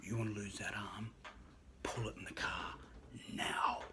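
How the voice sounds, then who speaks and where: A man voicing a stern, powerful male spirit being who speaks slowly and commandingly, in a low, hushed voice. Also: flat delivery, very noisy, lightly acted.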